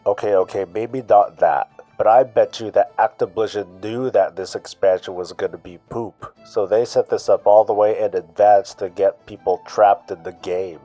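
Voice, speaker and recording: A man's voice: on the low side, fairly even intonation, normal speed, few pauses, dark tone, muffled recording, faint music behind. A man co-hosting with scripted banter, smug, contrarian and mock-cynical. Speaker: co-host.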